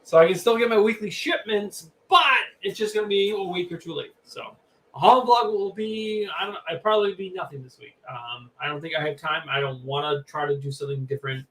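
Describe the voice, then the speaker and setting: A man co-hosting a casual livestream, speaking in an easygoing way with halting restarts. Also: high-pitched, fairly bright tone. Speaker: co-host.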